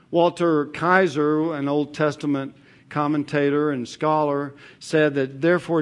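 Guy preaching a bible sermon, slightly higher voice, measured and emphatic, lots of repeating for effect. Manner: measured, emphatic, rhetorical questions and repetition.

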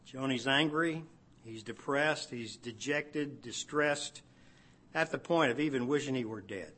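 A man's voice: mid-range voice, slow pace, long pauses, fairly bright tone. Man preaching a conversational sermon. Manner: conversational preaching, with rhetorical questions and small laughs. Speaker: pastor.

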